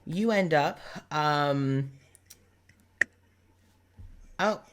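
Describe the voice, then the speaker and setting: A man's voice: fairly high pitch, drawn-out words, clear, resonant tone. A man running a tabletop game as game master, narrating in a chatty way with many fillers.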